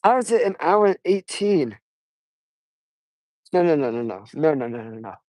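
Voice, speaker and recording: An eighteen-year-old man vlogging on a casual walk outdoors, talking quietly and rambling with halting restarts, recorded on wireless earbuds. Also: fairly high pitch, very animated, no echo, low-quality recording. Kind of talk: casual walking vlog.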